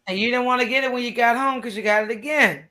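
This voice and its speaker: A woman's voice: on the high side, fast, bright, forceful tone. A woman co-hosting a podcast, speaking in conversational casual chat with an affirming manner. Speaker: podcast co-host.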